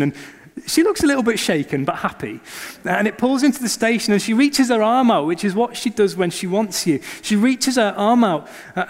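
A man in his thirties preaching a sermon, telling a family story in a lively storytelling manner. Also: high voice, long reverb tail. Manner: storytelling, animated when acting out scenes. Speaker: pastor.

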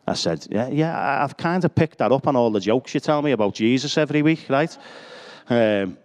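A man's voice: medium pitch, lively intonation, a little fast. Middle-aged guy preaching, chatty, cracks jokes at himself, rambly stories. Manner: chatty, self-deprecating, joking asides. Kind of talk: sermon with personal anecdotes.

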